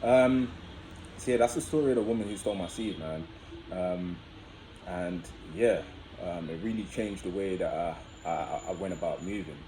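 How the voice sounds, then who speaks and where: A man's voice: low voice, moderate pace, noisy background. A young man vlogging, telling a personal story in a chatty, casual way and often addressing viewers as guys.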